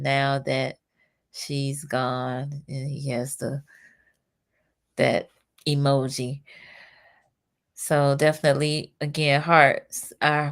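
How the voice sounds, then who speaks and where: A woman's voice: sits low, creaky. A middle-aged woman hosting a talk show, reading out viewer comments and responding with empathy. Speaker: host. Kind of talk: casual talk show conversation.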